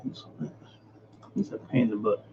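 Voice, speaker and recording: A man talks a little fast in a mellow voice as he hosts an easygoing livestream, naming viewers in greeting and muttering over setup fixes. The recording is muffled, with slight background noise.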